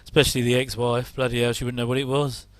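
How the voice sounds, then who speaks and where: A middle-aged man watches an old TV episode and gives rambling, casual commentary with wry asides and chuckles. He talks fast in a flat, medium-pitched voice with no room sound.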